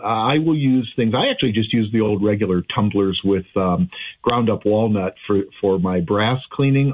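A man's voice: fairly low pitch, breathy edge, narrow, tinny audio. A man talking as a radio show's firearms expert in a casual, rambling way, with many restarts and fillers.

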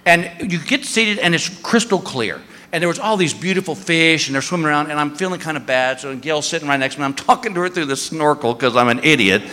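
A male stand-up comedian telling a story in an animated way, shouting sound effects. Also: on the high side, fast, hardly any pauses. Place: comedy stage before a live audience. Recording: live hall reverb, faint ambience.

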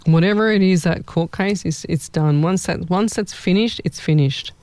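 A rambling woman giving live-stream medium readings in a warm, mellow voice. Her tone is smooth and clear, recorded dry and close with no room sound. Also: on the low side, moderate pace, no echo. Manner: chatty and rambling, repeats words. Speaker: psychic medium host.

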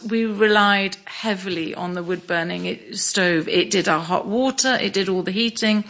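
A middle-aged woman from Scotland telling her story in an interview, measured, with small restarts. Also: medium pitch, a bit bright. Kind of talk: reflective interview.

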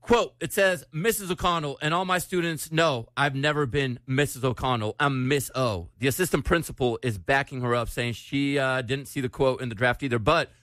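A man's voice: medium pitch, normal speed, few pauses, a bit bright, no echo, clean studio sound. A man hosting a casual radio show, telling news stories in a chatty way. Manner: chatty, storytelling news items. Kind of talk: casual morning radio chat.

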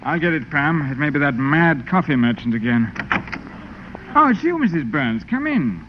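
A man's voice: a little high, sing-song, normal speed. Genteel British man on old radio. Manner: polite, genteel and dry. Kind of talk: 1940s radio comedy acting. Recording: hissy lo-fi old radio broadcast.

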